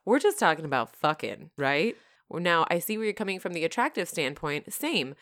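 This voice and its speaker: Woman with a low voice doing raunchy podcast banter, dry close mic, jokey. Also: very animated, a little fast, a bit bright, dry recording. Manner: crude, laughing, playful banter. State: married. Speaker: podcast co-host. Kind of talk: casual chat.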